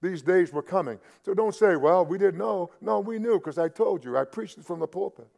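High, gravelly-voiced man preaching. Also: a little fast. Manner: repeats and restarts words, rises to loud emphatic peaks. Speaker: pastor. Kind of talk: sermon.

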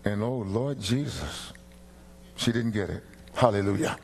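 A middle-aged man preaching a sermon as pastor, animated and emphatic, with rising peaks. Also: lowish voice, unhurried, gravelly, a little hiss or hum.

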